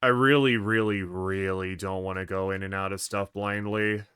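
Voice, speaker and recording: Man, game streamer, casual commentary, hesitant musing, bright tone. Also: low-pitched, steady tone, normal speed, clear, resonant tone, no room sound, clean studio sound. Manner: musing, thinking aloud, hesitant.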